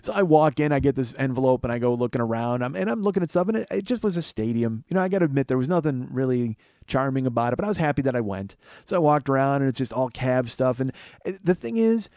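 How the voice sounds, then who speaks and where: Animated swearing comedian telling a story. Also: male voice, medium pitch, quick pace, no room sound. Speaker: comedian host. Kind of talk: comic storytelling monologue.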